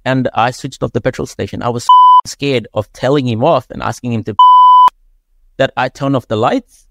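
A man's voice: mid-range voice, normal speed, creaky, very noisy. A man hosting a podcast, chatty, sharing his own stories and tagging lines with "right?". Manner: chatty, tags sentences with "right?". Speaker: podcast host. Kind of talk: casual podcast interview.

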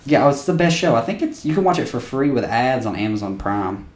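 A man's voice: mid-range voice, very animated, fairly quick, echoey room, distant mic. A man co-hosting a podcast in casual chat, enthusiastic and loose, swearing freely as he gushes. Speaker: podcast co-host.

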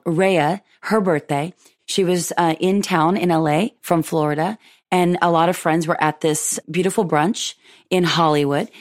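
A woman hosting a podcast, telling a personal story in a lively way and acting out what people said. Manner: animated, acts out quoted dialogue with big pitch jumps. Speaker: podcast host.

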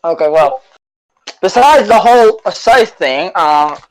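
A man co-hosting a podcast, telling stories in casual chat with a relaxed, self-deprecating manner. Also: high voice, unhurried, rough recording. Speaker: podcast co-host.

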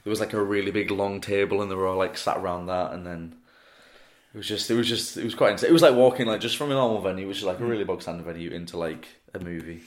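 A man's voice: low-pitched, fast. A man in his twenties from England, a comedian guest telling rambling stories and laughing through his words on a podcast. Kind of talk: casual podcast storytelling. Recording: roomy echo.

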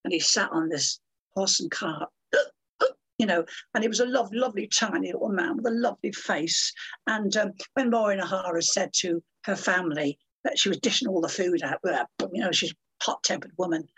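Husky, theatrical older woman. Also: medium pitch, moderate pace, a bit bright. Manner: theatrical, calls people dear and my love. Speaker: guest. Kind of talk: chatty interview anecdotes.

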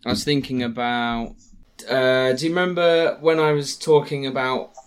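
A man chats on a podcast in an earnest, halting way, often repeating words as he gathers his thoughts. His pitch sits in the middle. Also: fairly even intonation. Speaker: podcast co-host. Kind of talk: casual chat.

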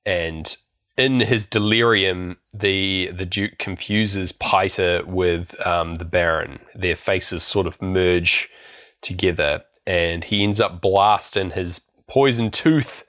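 A man's voice: deep voice, slow pace, fairly bright tone. A man co-hosting a casual film podcast, recapping scenes in a rambling way with lots of fillers and restarts. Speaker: podcast co-host.

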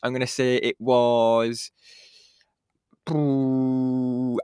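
A man co-hosting a podcast in casual chat, self-deprecating and quick to laugh. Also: medium pitch, level tone, warm tone, clear, resonant tone, dry recording, studio quality. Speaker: podcast co-host.

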